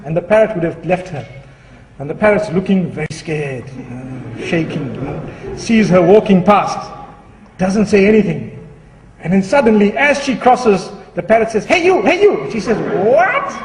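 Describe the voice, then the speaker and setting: A male preacher tells a funny story in the middle of a sermon, chatty and lively, with a fairly high voice. He is heard from a distance in a large hall with a long reverb and a faint background hum. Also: normal speed. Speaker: Muslim preacher. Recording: echoey hall, distant mic.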